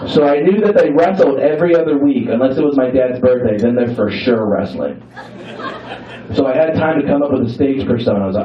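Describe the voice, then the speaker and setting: Far from the mic, a young comic with an animated, mid-range voice works a comedy club crowd at a fairly quick pace, playful, teasing, and freely profane during his stand-up set. The roomy sound from afar is dull, and the audience laughs throughout.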